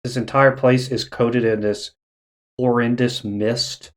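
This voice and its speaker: Guy running a tabletop game, slow and halting, lots of ums. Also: medium pitch, level tone. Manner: unhurried and halting, many fillers. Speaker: dungeon master.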